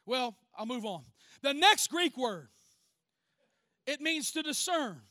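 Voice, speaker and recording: A man preaching a sermon in church, calling out to the congregation and rising to shouts. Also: extremely high pitch, big pitch swings, slow, pauses often. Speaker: pastor.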